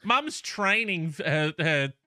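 A man co-hosting an advice podcast, bantering casually, swearing and acting out quotes with animated delivery. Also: fairly high pitch, takes it slowly, dry recording, clean studio sound. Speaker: podcast co-host.

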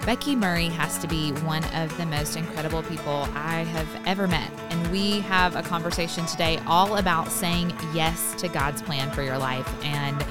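A woman's voice: low voice, normal speed, few pauses, loud music behind the voice. A woman with a Southern American accent hosting a faith podcast, gushing and effusive with her guest. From Tennessee, US. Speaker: podcast host.

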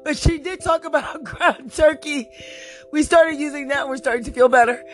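At normal speed and high pitch, the woman talks over soft background music. The sleepless podcast host chats casually in a late-night solo episode, constantly breaking into helpless giggles.

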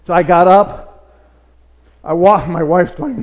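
A middle-aged pastor from the United States delivers a conversational sermon full of folksy anecdotes, speaking slowly and expressively in a voice high for a man, with vocal fry. He stumbles over repeated words as his points build, and the sound echoes like a large hall.

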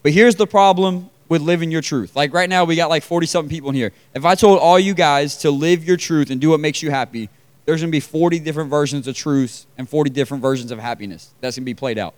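Young male preacher, casual sermon style, smooth voice pitched slightly high, chatty and full of fillers. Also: fast talker. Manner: conversational, lots of fillers, asks the crowd questions. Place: meeting room with about forty people.

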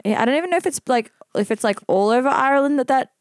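A woman's voice: sits high, animated, dry recording, clean studio sound. A woman co-hosting a casual podcast, giggling and restarting her sentences as she chats. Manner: giggly, quick to laugh and restart. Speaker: podcast co-host. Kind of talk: casual chat.

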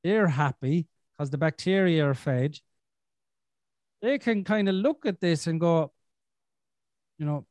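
A man's voice: on the high side, animated, a little slow, long pauses, darkish tone, no echo. A man hosting a podcast in casual chat, blunt and sweary with a self-deprecating streak. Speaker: podcast host.

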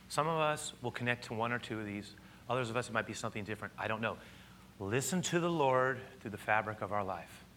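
A male pastor preaching a sermon, telling the story with animated delivery and sometimes dropping to hushed, intimate tones. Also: lowish voice, slight background noise.

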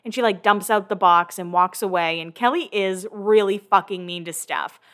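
A woman's voice: medium pitch, normal speed. A young woman casually recapping a reality show episode, acting out the cast's lines and swearing freely. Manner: animated, acts out quotes from the show, swears casually. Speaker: recap podcast host.

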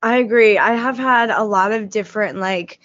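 A woman's voice: medium pitch, normal speed, fairly bright tone, lo-fi sound. Rambling young woman podcast host. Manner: rambling, filler-heavy, upbeat. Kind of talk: casual podcast chat.

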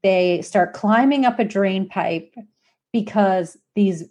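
A woman's voice: mid-range voice, takes it slowly. Young woman cohosting a chatty podcast, lots of laughing, mid voice. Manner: laughing, animated retelling with quoted voices. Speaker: podcast co-host. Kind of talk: casual chat.

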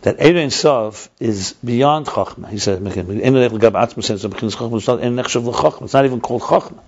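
A man teaching a text class at a middle pitch, reading lines aloud and then unpacking them step by step. He circles back and repeats key points as he explains. The recording is dull and lo-fi. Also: brisk. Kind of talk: text study lesson.

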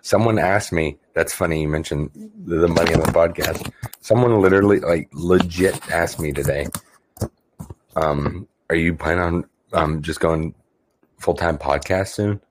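A man's voice: low voice, normal speed, a little hiss or hum. A man co-hosting a podcast, tossing in dry, teasing quips during casual chat. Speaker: podcast co-host.

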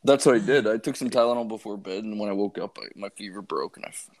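A man's voice: lowish voice, quick pace, a little mellow. A man co-hosting a podcast, laid-back in casual chat, swearing and laughing at himself. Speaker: podcast co-host.

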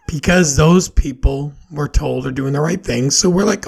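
A man's voice: fairly high pitch, normal speed, creaky, a little mellow. A man hosting a solo podcast, talking through his opinions in a questioning, rambling way with plenty of fillers. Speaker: podcast host.

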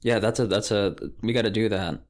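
Male guest, relaxed friend who laughs along, low voice. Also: brisk. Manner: laid-back, laughs along, brief replies. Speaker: podcast guest. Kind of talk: casual chat.

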